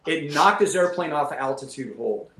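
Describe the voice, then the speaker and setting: A man telling stories in casual talk, animated and acting them out with sound effects. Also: a little high, normal speed, echoey room, heavy background noise. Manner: animated, acts out his story with sound effects and laughs. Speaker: guest pilot telling stories. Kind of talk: casual storytelling.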